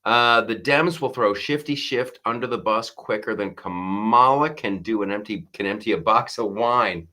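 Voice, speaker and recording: A man's voice: on the low side, moderate pace, few pauses, bright, forceful tone. A man hosting a live comedy talk stream in a casual chat style, riffing jokes and reading viewer comments aloud.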